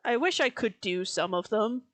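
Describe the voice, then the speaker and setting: A woman's voice: fairly high pitch, expressive, moderate pace. A young American woman chatting casually with a friend, laughing often. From United States. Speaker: streamer co-host. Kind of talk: casual chat.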